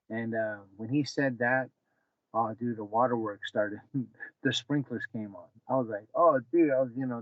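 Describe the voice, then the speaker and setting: A man's voice: mid-range voice, no echo. A man in his forties speaks casually, a former fighter and coach recounting his past. He slips into the voices of the people in his story. The recording sounds dull and dry, as if the room were padded. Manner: animated, acts out dialogue with his son.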